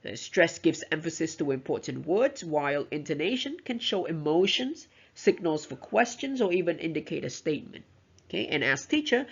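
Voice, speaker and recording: Lively, gravelly woman giving a lecture. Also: low voice. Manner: explanatory, tags points with "right?" and "you know". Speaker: teacher trainer. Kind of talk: recorded lecture on pronunciation teaching. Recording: dull lo-fi recording.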